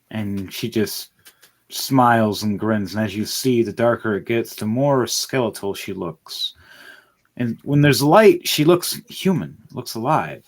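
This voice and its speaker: A young man narrating a tabletop game as game master, swearing freely and excitedly restarting his sentences. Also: fairly low pitch, unhurried.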